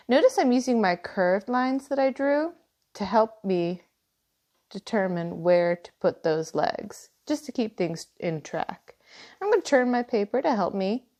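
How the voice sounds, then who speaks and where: A woman teaching a step-by-step cartoon drawing lesson, gently guiding through each line. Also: mid-range voice. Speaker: art teacher. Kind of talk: drawing tutorial.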